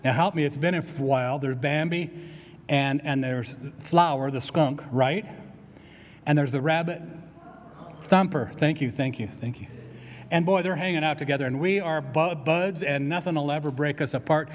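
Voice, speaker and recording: Animated male pastor in an echoing church. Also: on the high side, normal speed. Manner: animated storytelling with playful asides to the congregation. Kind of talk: sermon. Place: church sanctuary. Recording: long reverb from a church hall.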